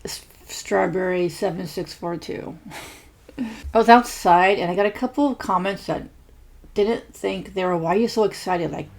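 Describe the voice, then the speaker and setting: Female food-channel host, casual and chatty, low-pitched with a gravelly edge. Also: darkish tone. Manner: chatty, many fillers and restarts. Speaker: mukbang host. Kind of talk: casual chat reading viewer shout-outs.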